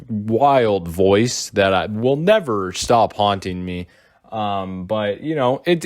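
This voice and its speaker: A young man giving casual reaction commentary, rambling with lots of fillers and calling his viewers bro and dude. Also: on the low side. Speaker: commentary youtuber.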